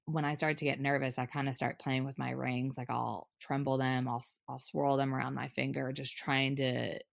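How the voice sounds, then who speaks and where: A young adult woman with a strikingly low, gravelly voice shares a painful personal story as an interview guest. She talks candidly and haltingly, restarting her sentences often. The recording is dry and close. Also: flat delivery, dry recording.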